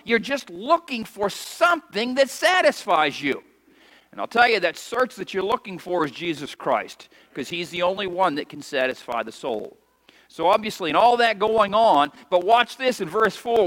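A pastor delivers an emphatic sermon, his voice high and bright. He reads scripture in old-fashioned wording and calls on the congregation to repeat after him. His words ring out with a long reverb in a church hall. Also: big pitch swings, moderate pace. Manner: emphatic preaching, has congregation repeat lines.

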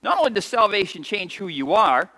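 A man's voice: high voice, very animated, a little fast, bright, forceful tone. A man preaching a sermon as pastor, reading scripture aloud and having the congregation repeat lines after him with emphatic delivery. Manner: reads scripture aloud in archaic wording. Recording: long hall reverb.

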